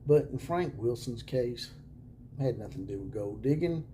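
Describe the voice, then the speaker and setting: A man hosts a college football video channel from a room at home. His voice sits at an ordinary pitch with a dark, mellow tone, and a faint hiss of background noise runs under it. He talks sarcastically, chuckling and sliding into hushed mock-whispers. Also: expressive, moderate pace. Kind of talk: casual sarcastic video monologue.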